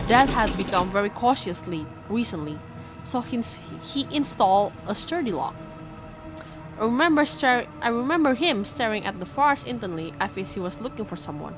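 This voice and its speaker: A woman streamer reading a horror visual novel aloud, breaking off into jumpy, frightened exclamations. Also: medium pitch. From Indonesia. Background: game music.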